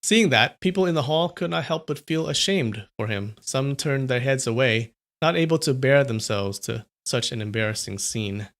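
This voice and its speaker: A man reading a translated martial arts novel aloud on a livestream, steady, with small slips and corrections. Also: medium pitch, normal speed, hardly any pauses. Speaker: reader on a livestream.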